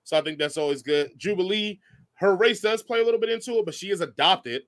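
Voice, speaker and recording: A man co-hosting a podcast in casual chat, animated and laughing often. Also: sits high, quick pace. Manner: animated, laughs often, breaks into silly voices. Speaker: podcast co-host.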